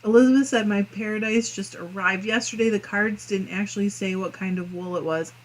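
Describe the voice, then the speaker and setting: Midwestern woman host, mid-pitched voice, casual and chatty as she reads viewer comments aloud on a live crafting stream. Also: fairly even intonation, a little fast, low-quality recording. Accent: Midwestern American. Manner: chatty and friendly, muses aloud with small laughs.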